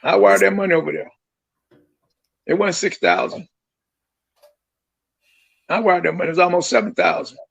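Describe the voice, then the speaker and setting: A man's voice: sits high, normal speed, vocal fry, pauses often, slightly rough. A man calling in by phone, speaking firmly and repeating lines for emphasis. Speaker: caller, grieving father. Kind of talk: phone call on a livestream. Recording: muffled phone-line audio.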